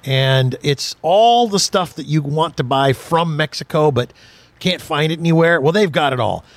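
Older man, radio host, jokey storyteller, high lively voice, dry close sound. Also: normal speed, no echo. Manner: jokey, storytelling, laughs often. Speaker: radio car show host. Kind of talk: casual chat.

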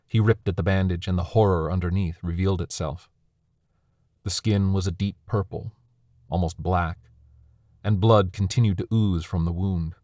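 A man reading a first-person story aloud in a measured, somber way. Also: deep voice, a little mellow, dry recording, studio quality. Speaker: narrator.

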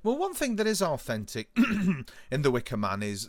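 A man's voice: fairly high pitch, moderate pace, dry recording. A man chatting casually as a podcast co-host, enthusiastic and often laughing. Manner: enthusiastic, laughing, animated storytelling. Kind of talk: casual chat.

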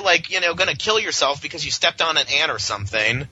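Sarcastic man with a bright, lively voice. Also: a little high, a little fast, hardly any pauses. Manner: sarcastic, mocking, animated rants. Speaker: podcast co-host. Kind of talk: casual comic book discussion. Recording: dull lo-fi with faint hiss.

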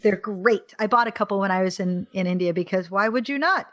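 A woman in a relaxed conversation about films, chatting at an average pitch. She tells the story with enthusiasm and acts out lines in little voices. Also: fairly quick. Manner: enthusiastic, animated storytelling with acted-out quotes. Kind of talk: casual chat about films.

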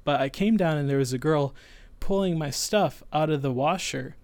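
A man's voice: on the high side, moderate pace, dry recording. Young man telling a story, dry sound. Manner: animated, voices others in retelling. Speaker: storyteller guest. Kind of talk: casual personal storytelling.

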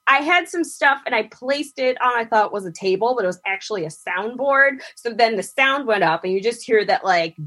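A woman spinning a long, funny story in casual conversation, her bright and slightly breathy voice swinging high and low as she plays out each person's lines. She laughs her way through the telling. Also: normal speed, few pauses. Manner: animated, acts out quotes with big pitch jumps, laughs often.

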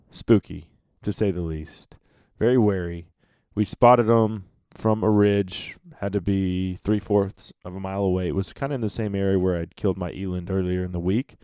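A man hosting a podcast, telling a hunting story in a lively way, acting out what others said and laughing often. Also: lowish voice, smooth, dry recording, clean studio sound. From North America. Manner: animated storyteller, acts out quotes, laughs often. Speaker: podcast host.

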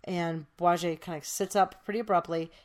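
A woman's voice: fairly low pitch, steady tone, normal speed, a little mellow. A woman podcast host telling a true crime case in casual, chatty storytelling, with many fillers.

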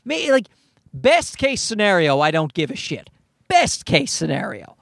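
A man rants in an exasperated, profane comedic monologue about his toddler son. His voice is high and gravelly, and his pitch swings widely. The sound is close and dry. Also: wildly swooping pitch, a little slow, a bit bright, dry recording. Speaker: father of a toddler.

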